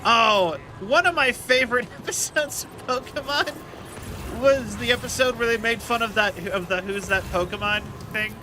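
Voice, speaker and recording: A man with a fairly high, very bright and sharp-edged voice rambles through casual gaming commentary. He thinks out loud and strings his thoughts together with plenty of filler words. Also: moderate pace, a little hiss or hum. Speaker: game streamer.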